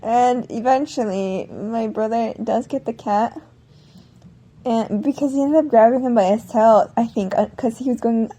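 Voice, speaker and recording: A woman's voice: a little high, normal speed, warm tone. A woman vlogger telling a long personal story in a casual, rambling way, often correcting herself mid-sentence.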